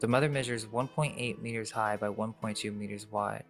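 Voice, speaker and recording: A man reading documentary narration in a steady voice, with a few small slips, heard from a video that is being played. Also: lowish voice, fairly quick, faint music behind.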